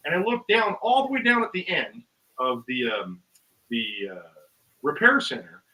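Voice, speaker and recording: Here a guest musician, fairly high-pitched and very animated, rambles through a long casual story at a moderate pace, um-ing and uh-ing as he voices its characters and laughs at their lines. His tone is bright and forceful, and the rough recording was made from a distance.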